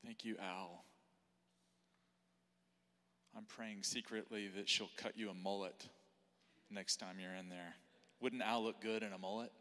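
A low-voiced pastor leads the service in a jovial, teasing way. His voice is deep but bright in tone. It carries through a big church hall with a long echo. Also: fairly even intonation, moderate pace. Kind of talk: sermon.

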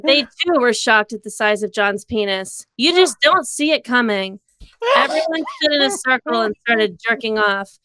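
A woman reading a comedic story aloud in a deadpan storytelling manner on a close studio mic. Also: fairly high pitch, normal speed, no echo. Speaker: co-host reading fan fiction.

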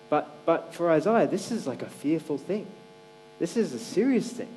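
A man's voice: on the high side, very animated, moderate pace, mellow, slight background noise, low-quality recording. A man giving a casual, conversational sermon, with many fillers and restarts. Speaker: preacher.

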